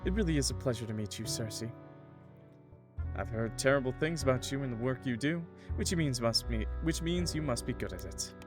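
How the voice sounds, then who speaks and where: A man reading the lines of a poised, mysterious witch woman in a calm, measured way with a weak attempt at a French accent. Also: medium pitch, over music, lightly acted. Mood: cool, composed.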